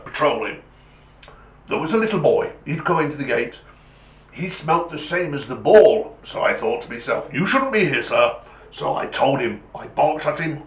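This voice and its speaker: A man's voice: medium pitch, fairly bright tone, roomy sound. A man voicing a dutiful male Alsatian guard dog who talks in a clipped, formal, soldierly way. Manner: clipped, formal, keeps saying sir.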